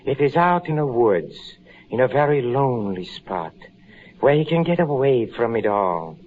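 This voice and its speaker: An actor playing a creepy, soft-spoken sanitarium doctor in 1940s radio comedy, sinister and insinuating. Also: male voice, medium pitch, big pitch swings, normal speed, natural voice. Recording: dull old radio recording.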